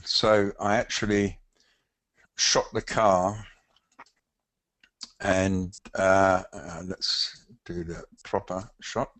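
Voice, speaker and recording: An older man with a London accent, a professional photographer giving a casual, halting webinar demonstration with frequent fillers. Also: fairly low pitch, fairly even intonation, a bit bright, no echo.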